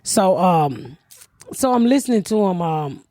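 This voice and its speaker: A woman's voice: fairly low pitch, big pitch swings, unhurried, warm tone, dry recording, studio quality. A middle-aged woman hosting a comedy podcast, telling stories in a blunt, profane way. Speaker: podcast host. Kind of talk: casual comedic chat.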